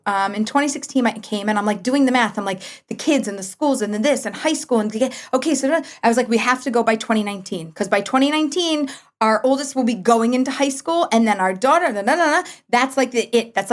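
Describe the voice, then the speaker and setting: A middle-aged woman with a somewhat high voice tells her personal story as a guest in a relaxed chat. She talks in an animated way and quotes her own past words with sudden leaps up in pitch. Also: fairly quick. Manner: animated, quotes herself with big pitch jumps. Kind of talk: conversational storytelling.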